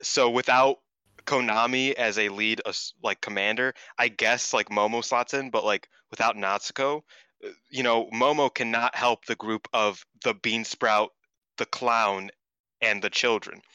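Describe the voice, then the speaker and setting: A man's voice: mid-range voice, steady tone, measured pace, sharp tone, smooth, no echo. Blunt, swearing male co-host. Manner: blunt, profane, opinionated. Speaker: podcast co-host. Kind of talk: casual chat.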